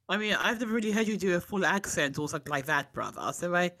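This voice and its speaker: A man hosts a casual podcast in a playful, jokey way. His voice is bright and bouncy, with lively swings in pitch. The sound is close and dry. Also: fast talker, no echo. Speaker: podcast host.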